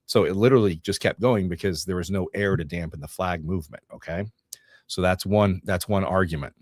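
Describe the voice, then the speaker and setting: With a deep voice and a brisk delivery, a middle-aged livestream co-host from Northeast Georgia, US, jokes and rambles through notes and viewer comments. The audio is studio quality, with no echo.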